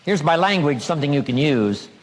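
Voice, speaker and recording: A man's voice: a little high, lively intonation, a little fast. A man giving a motivational seminar talk, emphatic, stretching out key phrases for drama. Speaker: motivational speaker.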